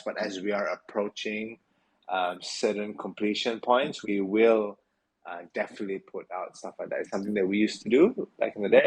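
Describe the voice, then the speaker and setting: Tired, gravelly low-voiced man. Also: rough recording. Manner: relaxed, rambling, many fillers. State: tired, yawning. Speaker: host of a community Q&A. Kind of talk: casual live audio chat.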